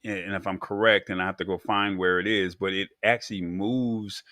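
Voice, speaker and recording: A man's voice: sits low, normal speed, no echo. A man co-hosting a tech show, talking casually with a lot of "I mean" fillers. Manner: relaxed, leans on "I mean" fillers.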